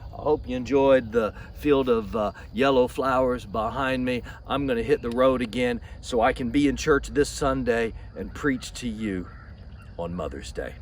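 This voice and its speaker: Pastor telling a Bible story outdoors. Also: male voice, mid-range voice, normal speed, recorded from a distance, slight background noise. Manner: lively storytelling with repeated restarts. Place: outdoors in a flower field.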